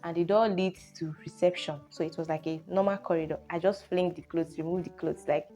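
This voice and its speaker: Nigerian-accented woman in her twenties, vlog storyteller, slightly low voice, expressive exclamations. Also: fairly quick. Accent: Nigerian English. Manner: animated storyteller, exclamations like oh and hey. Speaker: vlogger. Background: faint guitar music.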